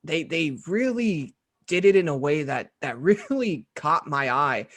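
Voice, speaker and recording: A man's voice: fairly high pitch, animated, measured pace, a bit bright. A young man co-hosting a podcast in casual chat, often stammering, repeating his words and laughing easily. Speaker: podcast co-host.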